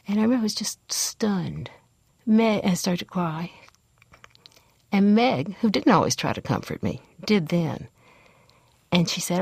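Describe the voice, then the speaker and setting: An older woman from the American South, telling a personal story in a reflective, unhurried way. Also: mid-range voice, animated, creaky, darkish tone, husky, no echo.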